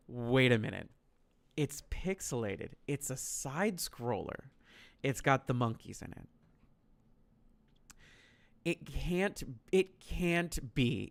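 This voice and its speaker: A man's voice: fairly high pitch, bright, forceful tone. Exasperated, profane streamer man. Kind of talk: casual stream storytelling.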